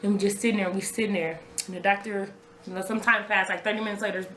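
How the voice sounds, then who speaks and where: A woman's voice: medium pitch, level tone, fast, fairly bright tone, echoey room, slight background noise. A young woman recounting a personal story to her viewers in a casual, conversational way, often repeating herself. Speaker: vlogger telling her own story. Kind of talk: raw personal storytelling to camera.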